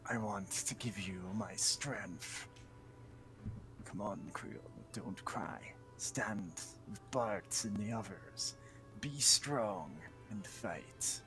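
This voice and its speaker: A man voicing a gentle, dying old grandfather warrior, speaking solemnly with a creaky voice. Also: lowish voice, over music, low-quality recording. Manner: slow, solemn farewell delivery. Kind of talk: fan voice acting over a game.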